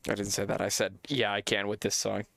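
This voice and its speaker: A man's voice: fairly quick, vocal fry, dry recording. A young man streaming, telling a story in casual chat, acting out quotes and swearing casually. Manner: animated, acts out quotes with big pitch jumps; swears casually, repeats phrases.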